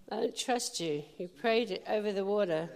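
A woman's voice: medium pitch, gravelly. Female preacher, mid-range voice, jokey and conversational, punches key lines; long hall reverb. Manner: humorous and chatty, with emphatic declarations. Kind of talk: informal sermon.

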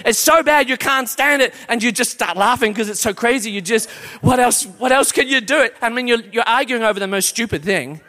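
A man preaching a lively sermon, playful and exclamatory, often breaking into laughter. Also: extremely high pitch, a little fast, hardly any pauses.

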